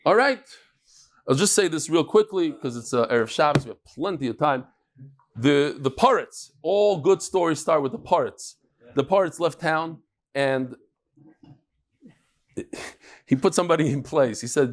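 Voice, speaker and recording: A man leads a daily Talmud class. His voice sits a little high, and he moves quickly between explaining a case and telling a folksy joke, sprinkling in Yiddish words. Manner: lively storytelling with jokes and Yiddish words. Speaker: Talmud teacher.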